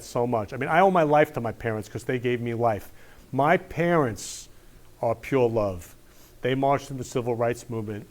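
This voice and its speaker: Middle-aged male talk host, effusive and gushing, slightly higher voice. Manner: gushing, repetitive declarations of love. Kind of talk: effusive monologue.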